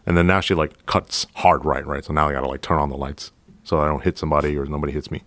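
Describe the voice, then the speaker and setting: Man, very deep voice, police officer, podcast storyteller, calm, deadpan, casual swearing, dry close sound. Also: fast, no room sound.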